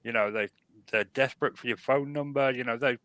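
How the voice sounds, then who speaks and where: An English man on a casual podcast, griping bluntly and wryly about everyday annoyances. His voice is bright and forceful, recorded close and dry with no room sound. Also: mid-range voice, brisk, dry recording. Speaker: podcast co-host. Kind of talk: casual chat.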